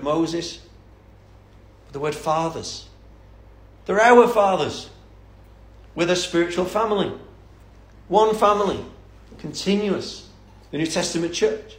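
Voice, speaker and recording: A man's voice: on the high side, roomy sound. A man preaching a sermon in a church, fervent and emphatic, building up with repeated phrases.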